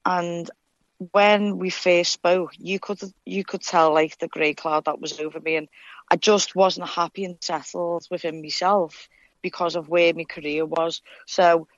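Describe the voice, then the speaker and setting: A woman's voice: lowish voice, steady tone, measured pace, dry recording, lo-fi sound. A young woman with a Scouse accent, a fighter, chatting freely in an interview and swearing often. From Liverpool, England. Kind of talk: casual interview.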